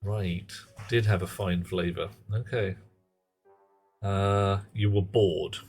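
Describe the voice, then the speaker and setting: Low-voiced guy streaming a game, wry rambly chat to viewers, game music going behind. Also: steady tone, slow, darkish tone, husky. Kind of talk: live gameplay commentary, chatting with viewers.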